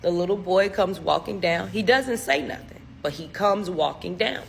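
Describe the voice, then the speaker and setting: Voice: medium pitch, normal speed, vocal fry, a little hiss or hum. A casual storyteller retelling a spooky story in a loose, rambling way, full of "like" fillers and little voices for the people quoted.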